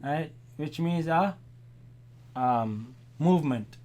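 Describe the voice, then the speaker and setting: A man's voice: on the high side, expressive. A man teaching a Quran class, explaining vowels step by step and checking in with his students. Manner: repeats Arabic words slowly and loudly, checks in with "right?". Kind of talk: classroom Arabic lesson.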